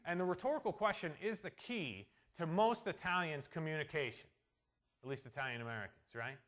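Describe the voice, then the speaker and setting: Preaching an expository sermon, a high-voiced male pastor speaks with earnestness and lively intonation. He slows to emphasize the verses he cites, dips into quiet asides, then rises to loud emphasis.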